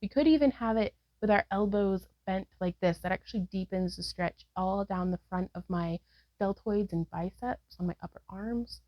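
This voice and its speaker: A woman's voice: mid-range voice, moderate pace, dry recording, dull audio. A woman narrating her own yoga practice, talking through poses with frequent sighs, out of breath and upbeat as she encourages herself. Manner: breathy, sighing between cues. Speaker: yoga vlogger.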